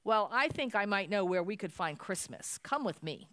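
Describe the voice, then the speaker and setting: A grave, kindly church helper in a storybook, read by a woman. The speech is gentle and serious, the voice smooth and clear in a dry, close recording. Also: mid-range voice, animated, moderate pace, no room sound, lightly acted.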